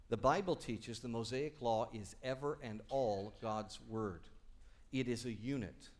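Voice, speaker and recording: A man preaching a sermon in a lively, conversational way, calling on the congregation to answer. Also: mid-range voice. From Texas. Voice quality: animated, conversational preaching with call-and-response. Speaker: pastor.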